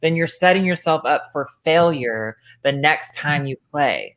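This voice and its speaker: A woman's voice: low-pitched, animated, unhurried. A woman commentating in casual chat, emphatic and insistent, often breaking in to make her point. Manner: emphatic, insistent, cuts in with "listen" and "look". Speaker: podcast commentator.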